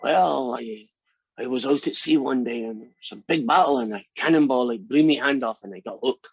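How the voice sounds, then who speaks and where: A man's voice: medium pitch, brisk, creaky, husky, dry recording. A man voicing an old peg-legged pirate who explains his injuries in a matter-of-fact way, in a dull, lo-fi recording.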